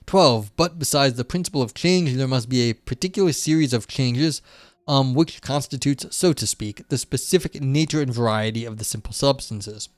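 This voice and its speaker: A man's voice: medium pitch, moderate pace, no echo. Rambling man streaming philosophy commentary. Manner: rambling, filler-heavy, frequent "you know" and "like". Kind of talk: casual live-stream commentary and reading aloud.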